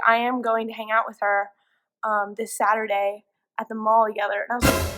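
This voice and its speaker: A woman's voice: a little high, steady tone, fairly quick, a bit bright, low-quality recording. A teenage girl telling a story in a casual way, with lots of fillers, acting out what people said. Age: teens. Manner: chatty, filler-heavy, acts out quoted lines. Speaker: interviewee.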